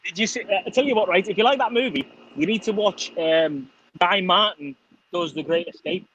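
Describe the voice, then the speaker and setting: A man's voice: high voice, brisk, fairly bright tone, slight background noise, rough recording. A man from Liverpool with a Liverpool accent, chatting casually with friends on a call, swearing constantly and laughing a lot. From Liverpool, England. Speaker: channel host. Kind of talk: casual chat on a video call.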